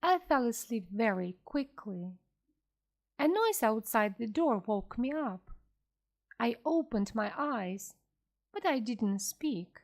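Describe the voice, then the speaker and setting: Slow, lively woman reading a story. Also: fairly high pitch. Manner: slow, clear, expressive reading. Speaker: audiobook reader for learners. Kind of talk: storybook narration for English learners.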